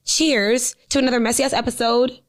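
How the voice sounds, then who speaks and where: A woman co-hosting a podcast in loose, profane casual chat, animated and fond of reading aloud. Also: on the high side, a little fast. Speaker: podcast co-host.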